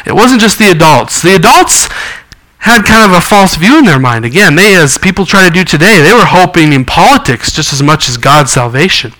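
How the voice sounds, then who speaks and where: Male pastor, bright tense voice, somewhat high, earnest sermon delivery. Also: lively intonation, fairly quick, poor audio. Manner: earnest preaching with scripture reading and acted quotes.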